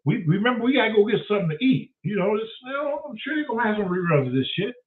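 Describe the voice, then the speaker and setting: Man, lively comic storyteller, higher voice, tinny and distant like a phone line. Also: racing. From Detroit, USA. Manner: profane, animated, acts out voices of others. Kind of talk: comedic storytelling.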